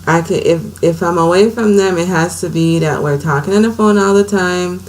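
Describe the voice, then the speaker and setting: A woman's voice: on the low side, normal speed, a little mellow, low-quality recording. A middle-aged woman from Saint Croix telling her personal story at home in a candid, conversational way. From Saint Croix, US Virgin Islands. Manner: candid, conversational, emotional retelling. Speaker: vlogger.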